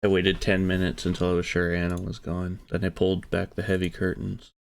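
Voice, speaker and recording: Brief: low gravelly male streamer narrating a visual novel, earnest. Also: monotone, a little fast. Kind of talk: reading a visual novel aloud.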